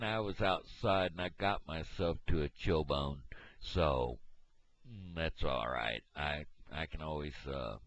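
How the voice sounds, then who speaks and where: A man from Missouri vlogging in a meandering, halting, folksy monologue. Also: sits low. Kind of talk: rambling casual monologue. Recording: dull lo-fi home recording.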